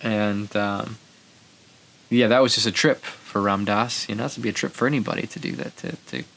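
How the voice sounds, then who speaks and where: Gravelly low-voiced man telling stories. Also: fairly even intonation, normal speed, fairly bright tone, slight background noise. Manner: rambling, loose storyteller acting out quotes. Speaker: podcast host. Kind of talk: casual storytelling monologue.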